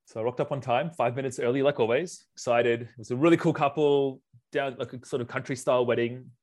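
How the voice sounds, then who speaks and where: Animated man telling stories. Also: mid-range voice, fairly quick. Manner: animated, acts out quotes in raised voice. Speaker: wedding photographer guest. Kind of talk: casual storytelling.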